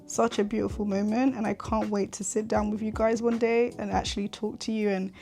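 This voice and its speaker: A woman's voice: mid-range voice, flat delivery, fairly quick, vocal fry, dark tone, soft background music. A young woman in her twenties hosting a faith podcast, speaking earnestly and candidly and often repeating herself for emphasis. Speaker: podcast host.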